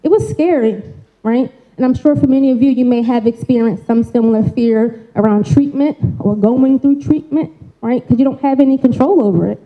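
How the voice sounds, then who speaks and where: A woman with a slightly high voice, recorded in lo-fi, speaks at normal speed during a live stage talk about mental health. She leans on folksy, colloquial phrasing, calling out to the crowd for responses and frequently tacking on "right?"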